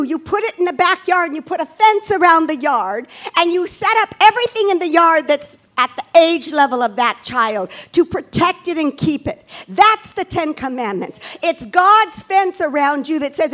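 A woman preaching a sermon, animated and emphatic, with self-deprecating asides. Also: extremely high pitch. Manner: animated, with lively swings in emphasis.

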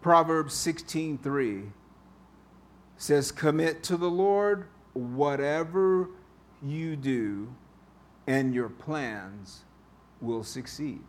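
A man's voice: on the high side, extremely slow. A male pastor giving a conversational sermon in a church, repeating key phrases for emphasis. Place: church sanctuary.

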